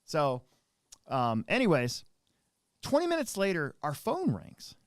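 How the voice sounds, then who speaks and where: A man's voice: fairly high pitch, huge pitch swings, a little slow, clear, resonant tone, no echo, studio quality. A man in his thirties hosting a podcast, telling a long rambling story in casual chat with many restarts. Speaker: podcast co-host.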